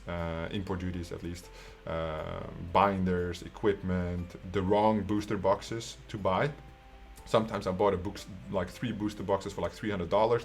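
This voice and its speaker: Low-voiced Dutch man telling a story. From Netherlands. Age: 20s. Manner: casual and profane, often tags lines with "right?". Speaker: online coach. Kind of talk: casual storytelling monologue.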